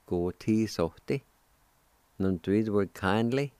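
A man's voice: lowish voice, expressive, darkish tone, no room sound. A man hosting a radio language lesson who spells words and sounds them out syllable by syllable, patient and encouraging with his listeners. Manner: slow and careful, breaks words into syllables. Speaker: radio host teaching language vocabulary.

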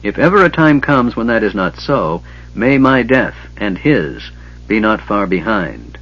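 A man voicing a big, loyal male warrior with a husky voice. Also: lowish voice, big pitch swings, unhurried. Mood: earnest. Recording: dull lo-fi recording.

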